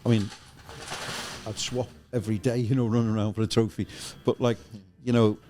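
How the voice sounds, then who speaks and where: A man's voice: medium pitch, little pitch movement, a little fast, dark tone. A middle-aged man, a former football press officer, telling rambling stories as a guest with many "you know" asides. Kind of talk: casual storytelling chat.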